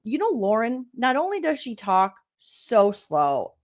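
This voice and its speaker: A woman's voice: a little high, very animated, measured pace. A woman in her forties, a comedian, doing a sarcastic, exasperated reaction rant with plenty of swearing. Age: 40s.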